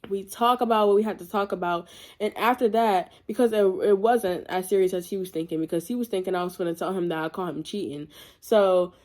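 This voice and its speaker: A young woman in her teens talks straight to camera, telling a long story in a loose, chatty way. She slips quickly into quoted lines and asides, with a mid-pitched voice recorded close up. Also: a little mellow. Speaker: storytime vlogger. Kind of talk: casual storytelling.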